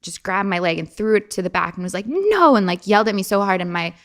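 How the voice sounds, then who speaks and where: A young woman talks rapid-fire as an interview guest, her voice clear and resonant. Casual, animated and chatty, she often quotes others in a playful high voice.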